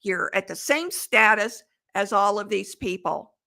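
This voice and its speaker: A woman sales coach giving advice in an emphatic, deliberate way. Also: mid-range voice, expressive, creaky, pushed and bright. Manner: emphatic, deliberate delivery with quoted examples. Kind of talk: coaching monologue.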